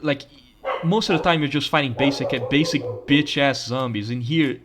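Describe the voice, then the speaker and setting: A young man doing casual gameplay commentary in a voice of middling pitch. He rants with plenty of swearing and breaks into laughter often. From Brazil. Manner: profane, ranting, laughs often. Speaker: gaming channel host.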